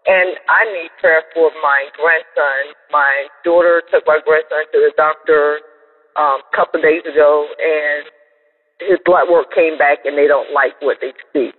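Earnest husky older man on the phone. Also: a little high, fairly even intonation. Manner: earnest, halting with fillers. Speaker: caller. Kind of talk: phoned-in prayer request. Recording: tinny phone line with reverb.

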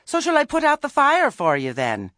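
A man's voice: fairly low pitch, expressive, slow pace, a bit bright, slightly rough, no room sound, studio quality, exaggerated voice. A man voicing a timid, worried male villager with weak, plaintive rustic speech.

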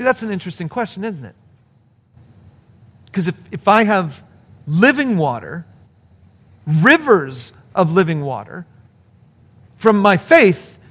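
Man, pastor, high voice, earnest animated preaching. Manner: earnest, animated preaching with quick bursts and slowed emphasis. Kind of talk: sermon. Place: speaking to a remote congregation.

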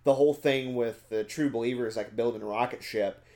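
A man's voice: medium pitch, fairly quick, darkish tone. A man with an ordinary mid-range voice hosts a laid-back movie review. He rambles and stacks up "like" as he works his thoughts out. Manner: rambling, lots of "like" fillers. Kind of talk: casual movie-review chat.

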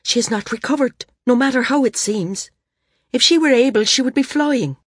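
A woman's voice: on the high side, normal speed, husky, no room sound, studio quality, pitched above the performer's own voice. A woman reading the lines of a blunt, experienced male flyer in an audiobook, earnest and plain-spoken.

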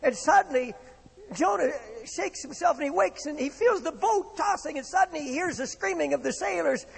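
A man's voice: extremely high pitch, lively intonation, normal speed, creaky. A man preaching a sermon with impassioned, rising and falling delivery, in a church hall. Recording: long reverb of a hall.

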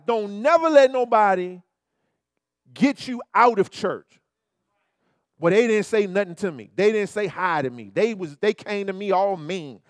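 A man pastor preaching a sermon in an animated, colloquial way, turning often to his listeners with repeated asides. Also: high-pitched, dry recording, studio quality.

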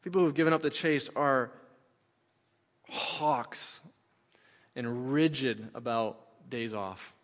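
A man's voice: medium pitch, slow pace, long pauses, a bit bright. A middle-aged man, a pastor, preaching a sermon in a conversational way, repeating key phrases for emphasis. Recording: long hall reverb.

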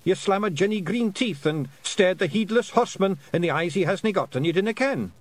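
A man's voice: high voice, expressive, fairly quick, voice pushed up. A man voicing a tiny, anxious male fairy clan chief with a thick Scottish accent, pleading and worried. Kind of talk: audiobook character voice.

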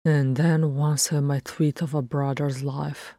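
A woman's voice: low voice, flat delivery, measured pace, warm tone, no echo, clean studio sound. A woman voicing an anxious young male dwarf prince in a fan fiction reading, urgent and full of questions. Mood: rueful.

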